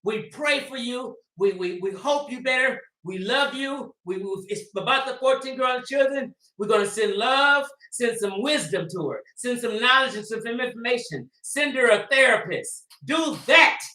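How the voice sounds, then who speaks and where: A man hosting a livestream, ranting bluntly and profanely, swinging between loud outbursts and low muttering. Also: animated, normal speed, hardly any pauses. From Los Angeles. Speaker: livestream host. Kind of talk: livestream commentary rant.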